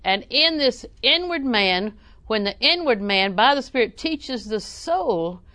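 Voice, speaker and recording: A woman's voice: fairly high pitch, lively intonation, measured pace, no room sound. Folksy woman preacher. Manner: folksy, humorous, chuckles often, bursts into loud acted exclamations. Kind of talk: sermon.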